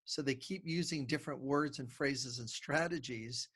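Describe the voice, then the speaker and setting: A man's voice: mid-range voice, normal speed, husky. Middle-aged man explaining through anecdotes. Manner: animated storyteller who acts out little dialogues. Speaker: podcast guest, communication consultant.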